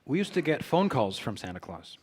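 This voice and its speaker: Casting: male co-host, relaxed anecdote teller, middle pitch. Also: a little fast, breathy edge. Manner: reminiscing, joking. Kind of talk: casual chat.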